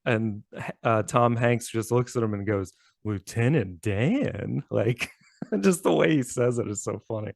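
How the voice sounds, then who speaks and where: A man co-hosts a relaxed chat in a gravelly, fry-tinged voice. He talks freely, laughs often and restarts his sentences. The sound is dry and close. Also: medium pitch, no room sound. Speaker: co-host. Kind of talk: casual chat.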